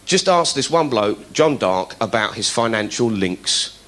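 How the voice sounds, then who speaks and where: A man doing stand-up storytelling, animated and laughing, slipping into high voices to mimic people. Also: a little slow, noisy background. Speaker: stand-up comedian.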